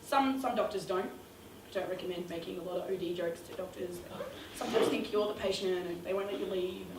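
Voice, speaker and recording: A woman's voice: on the low side, a little fast, background noise. A young woman telling a funny, self-mocking story to a youth audience, acting out the quotes with big jumps in her voice. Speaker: youth ministry speaker. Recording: roomy hall sound from a distance.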